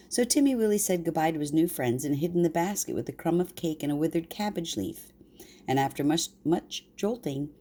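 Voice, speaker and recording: An older woman reading a bedtime story aloud to her grandchildren in a warm, unhurried way. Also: sits low, breathy edge.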